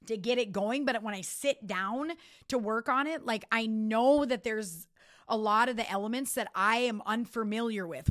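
Upbeat motivational woman podcast host. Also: on the high side. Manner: energetic, emphatic, repeats key points.

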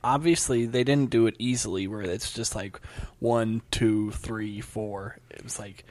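A man's voice: lowish voice, fairly even intonation, a little slow, a little mellow, no echo. Rambling man with a dry close sound. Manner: rambling, full of fillers and restarts. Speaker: stand-up comedian. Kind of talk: casual podcast chat.

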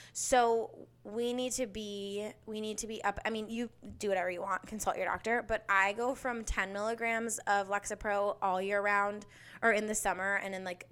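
A woman's voice: mid-range voice, fairly bright tone, clean tone. A young woman hosting a podcast, chatting casually and bubbly, with lots of fillers. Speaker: podcast host. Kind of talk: casual solo chat.

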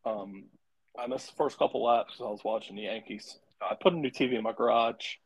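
A young adult man co-hosting a casual podcast about racing, blunt and quick to swear when worked up. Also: mid-range voice, breathy edge, low-quality recording. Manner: profane, blunt and excitable. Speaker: podcast co-host.

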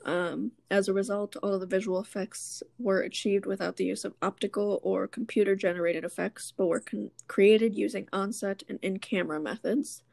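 Woman podcaster, gravelly voice, reads her notes with lots of ums, dry close sound. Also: medium pitch, steady tone, moderate pace, hardly any pauses, a little mellow, dry recording. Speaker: podcast co-host. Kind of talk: casual chat.

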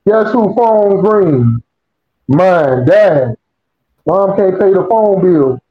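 A man co-hosting a podcast, joking and trading quick comebacks in casual chat. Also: high-pitched, animated. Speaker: podcast co-host. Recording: roomy, dull lo-fi sound.

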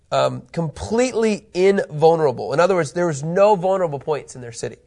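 Animated man teaching scripture, checking in often. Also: high-pitched. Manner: animated, keeps asking "okay?" to check understanding. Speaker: Bible teacher. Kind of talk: Bible teaching.

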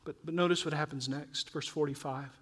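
Earnest high-voiced male pastor preaching. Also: steady tone, brisk, husky. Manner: earnest, urging, rises and drops in loudness. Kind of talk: sermon.

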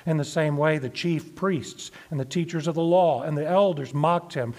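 A man preaching a sermon, reading scripture aloud and explaining it in a measured way, slowing down to stress the verses. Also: on the high side. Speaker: pastor.

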